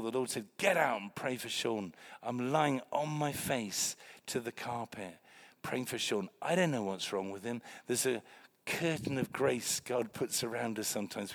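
A male preacher with a gravelly edge to his mid-range voice. He preaches with animated storytelling, dropping low and quiet, then rising to loud bursts. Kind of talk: sermon with storytelling.

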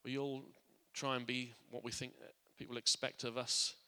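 Bright-voiced preacher in an echoing church. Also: male voice, mid-range voice, level tone, normal speed, smooth. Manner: earnest, with frequent restarts and repeated words; drops quiet and soft for reflective points. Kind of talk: sermon. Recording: long church hall reverb.

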